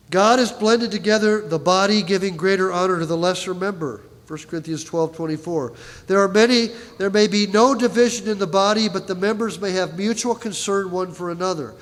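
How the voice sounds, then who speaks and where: A man's voice: sits high, moderate pace. A male pastor preaching a sermon in a church, in a conversational style with frequent "right?" asides to the congregation. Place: church sanctuary. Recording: long reverb of a large hall.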